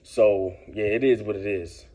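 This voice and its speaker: A man's voice: lowish voice, steady tone, unhurried, warm tone. A man giving casual vlog commentary, laid-back and lecturing, often tossing in "man" and "bruh". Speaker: commentary vlogger.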